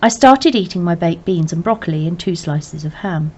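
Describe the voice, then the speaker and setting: Woman reading a novel aloud, plain and measured, lowish voice, dull lo-fi recording. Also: lively intonation, a little mellow. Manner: plain, measured first-person narration. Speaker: reader.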